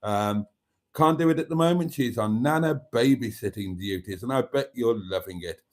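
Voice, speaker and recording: A Welsh-born man with a Birmingham accent hosting a casual livestream, chatty and jokey, reading out viewer comments and often clearing his throat. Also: medium pitch, moderate pace, darkish tone. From Wales. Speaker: livestream host.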